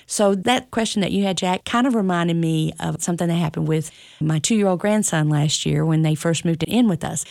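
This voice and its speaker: A woman in her fifties, a grandmother, telling family stories in a lively, chatty way as an interview guest. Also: lowish voice, moderate pace, gravelly, no room sound, studio quality. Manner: animated, acts out family dialogue in lively voices; self-described sarcastic, chatty. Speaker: parenting workshop guest. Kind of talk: storytelling interview chat.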